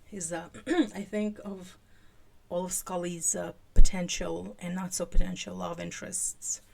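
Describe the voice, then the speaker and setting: Hosting a podcast, a woman gives an animated live reading of fan fiction in a creaky, fairly low-pitched voice. Her asides slow into a halting delivery.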